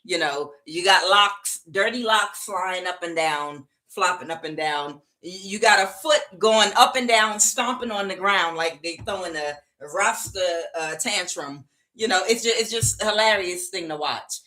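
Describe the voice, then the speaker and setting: A woman's voice: fairly low pitch, a little slow, hardly any pauses, sharp tone. A woman giving a casual tarot reading, chatty and rambling, with frequent fillers and laughter. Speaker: tarot reader.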